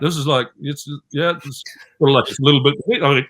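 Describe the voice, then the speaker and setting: This guest on a video-call panel interview is a New Zealand-accented voice actor whose stories ramble and brim with fillers. His voice is on the high side, steady and fairly bright, and he speaks briskly.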